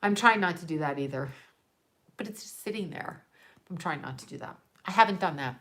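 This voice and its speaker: A woman's voice: on the low side, animated, fairly quick, a bit bright. A woman from Canada chatting casually on a livestream, ranting and wandering between topics while answering viewers. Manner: ranting, digressive, chats with viewers. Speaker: livestream host. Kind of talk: casual rambling chat.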